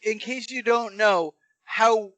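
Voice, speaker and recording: A man with a high voice rants bluntly about a film character on a casual podcast, swearing freely. His voice is recorded close and dry, with no room sound. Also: slow pace, no echo. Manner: animated rants, blunt and profane. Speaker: podcast co-host. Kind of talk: casual movie-review banter.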